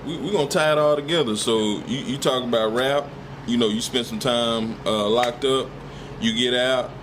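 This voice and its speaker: Chill guy host, mid-pitched voice, steady hiss behind him, easy interview talk. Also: moderate pace. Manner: laid-back, prompting the guest. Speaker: podcast host. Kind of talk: casual interview chat.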